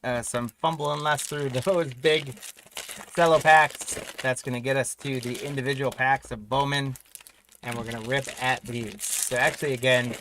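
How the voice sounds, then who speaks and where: A man hosts a live card break, listing buyers and teams in a loose, chatty way while he rips open packs. His voice sits at an ordinary middle pitch and he has the hiccups. Faint crinkling of wrappers runs behind him. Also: fairly even intonation, moderate pace, a bit bright, a little hiss or hum, rough recording. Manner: rattles off names and teams while opening packs. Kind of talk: live-stream casual talk.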